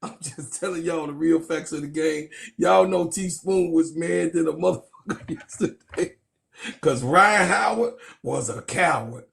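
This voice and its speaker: A man giving loud, profane, joking sports commentary, laughing and calling out to his viewers. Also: a little high, a little slow, gravelly. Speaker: sports vlogger. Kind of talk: casual comedic sports commentary.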